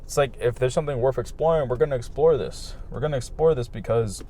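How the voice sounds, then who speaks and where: Young man, casual outdoor vlog, mellow tone, candid and profane, rambling with fillers. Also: medium pitch, quick pace. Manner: candid, swears freely, many fillers and repeats. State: hiccuping. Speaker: vlogger. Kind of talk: casual rambling monologue to camera. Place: outdoors, just outside his home.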